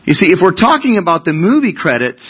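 A man's voice: sits high, very animated, quick pace, slightly rough, dull audio. A man preaching a sermon as pastor, talking to the congregation in an earnest, conversational way and asking them questions.

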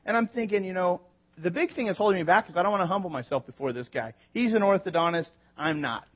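A man in his thirties with a notably high voice delivers a sermon, talking through a personal story in a loose, conversational way and acting out quoted lines. The recording is a little dull and lo-fi. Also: lively intonation, fast, husky. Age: 30s. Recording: slightly dull lo-fi sound.

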